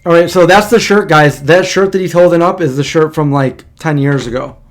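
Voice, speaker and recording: A man's voice: a little high, a little fast. A man hosting a casual livestream, chatting and reacting to old videos in a rambling way. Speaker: livestream host.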